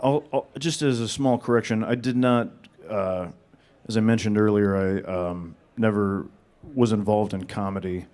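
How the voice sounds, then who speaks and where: Deadpan low-voiced man. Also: moderate pace, few pauses. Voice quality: monotone, deadpan delivery. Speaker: actor answering audience questions. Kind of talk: panel Q&A.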